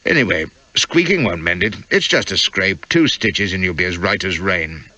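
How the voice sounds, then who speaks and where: A man's voice: sits low, lively intonation, moderate pace, pushed and bright, heavily acted. A man voicing a jolly, callous adventurer leader of about forty in an audiobook, with breezy, teasing banter. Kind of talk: audiobook character voice.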